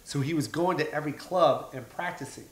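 A man, a stand-up comedian, telling animated stories in casual podcast chat, acting out quotes with plenty of swearing. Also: a little high, brisk. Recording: echoey room.

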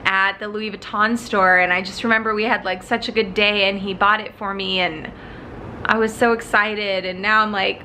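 A young woman telling a story to her phone camera at home in a chatty, animated vlog style. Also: mid-range voice, moderate pace, slight background noise. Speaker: vlogger. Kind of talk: casual vlog chat. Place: home apartment.

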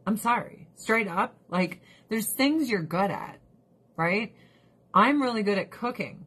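A woman's voice: on the high side, expressive, a little slow, fairly bright tone, husky. A woman vlogger giving casual, sarcastic ranting commentary, laughing often and talking to her pets and viewers.

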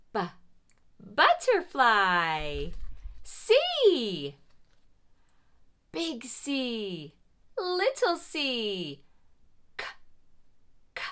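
A woman teaching preschoolers their letters in a slow, exaggerated, sing-song children's lesson voice. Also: high-pitched, bright, forceful tone.

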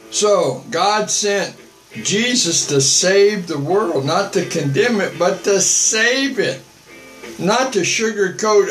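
A man's voice: sits high, lively intonation, slow pace, fairly bright tone, roomy sound, faint music behind, rough recording. A man in his seventies, a missionary preaching on a live stream and answering viewer comments in a rambling, earnest, repetitive way. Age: 70s.

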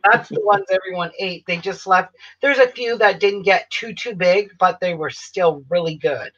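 On a casual live stream from her home, a quilting channel host rambles, often starting over or drifting off mid-thought. Her lowish voice has a fairly bright tone and moves at a moderate pace. The recording is lo-fi and dull, with faint noise.

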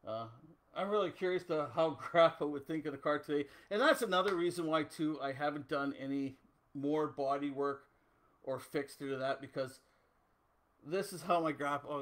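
Man from Canada, middle-aged, rambling livestream host, bright forceful voice, slightly high. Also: moderate pace. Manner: chatty, rambling, reads out viewer comments. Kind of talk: casual livestream chat.

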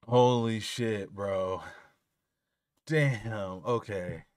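A man's voice: medium pitch, extremely slow, long pauses, clean tone, no echo, studio quality. An American man hosting a music reaction video, talking loosely in slang, swearing freely and breaking into amazed exclamations. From United States. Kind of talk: casual music reaction commentary.

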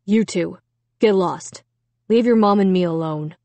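A woman's voice: mid-range voice, measured pace, darkish tone, no room sound, lightly acted. A woman reading a storybook aloud, voicing an angry, stern father who scolds his daughter in a firm, controlled way. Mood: grumpy firm.

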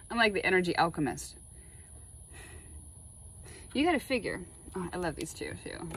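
A woman chatting casually while laying out tarot cards, excitable and full of spiritual musings. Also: lowish voice, measured pace, slight background noise, low-quality recording. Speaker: tarot reader.

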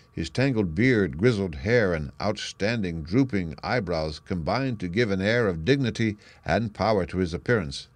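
A man reading a classic story aloud as an audiobook narrator, in a steady, clear way. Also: low voice, no room sound. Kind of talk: scripted narration.

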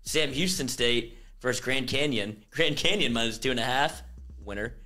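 A man's voice: mid-range voice, moderate pace, sharp tone. A man co-hosting a casual sports podcast chat, wisecracking as he reels off betting picks. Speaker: co-host.

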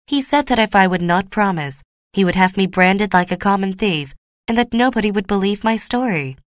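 A woman's voice: mid-range voice, expressive, normal speed, no room sound, studio quality, close to an everyday voice. A woman reading the lines of a scheming young woman who pleads and plays the victim. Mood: pleading.

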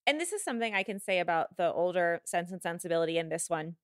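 A woman's voice: on the low side, fast, smooth, no echo, clean studio sound. A woman guest on a podcast, chatting casually and animatedly in a jokey way. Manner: animated, jokey, laughs between remarks. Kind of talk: casual chat.

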